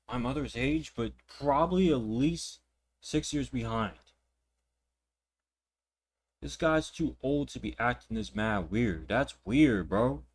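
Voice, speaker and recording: A man's voice: mid-range voice, lively intonation, takes it slowly, long pauses. A young man ranting indignantly while reacting to clips, talking in a profane, repetitive way. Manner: repeats words and restarts sentences. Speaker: reaction channel host. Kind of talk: reaction commentary.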